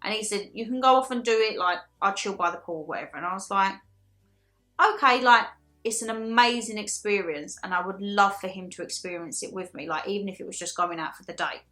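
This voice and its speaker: A woman of thirty vlogging in a casual, excitable way, telling her story with lots of "like" and quoted back-and-forth. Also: mid-range voice, fast talker, hardly any pauses, faint music behind. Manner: excitable, chatty storytelling with many "like"s. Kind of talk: casual chat to camera.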